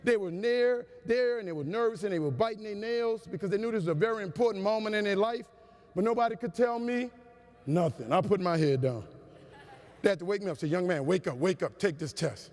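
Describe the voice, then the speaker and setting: Keynote speaker, male, higher voice, animated preacher cadence, reverberant hall. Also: brisk. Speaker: motivational speaker. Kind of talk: storytelling keynote speech. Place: large conference hall.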